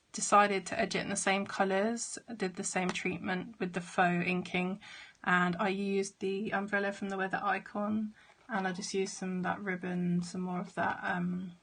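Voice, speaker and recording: A woman chatting casually as she shows her handmade cards, a little hoarse from losing her voice. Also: medium pitch, fairly bright tone, slight background noise. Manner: chatty, with fillers and trailing asides. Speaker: craft vlogger. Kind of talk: casual show-and-tell.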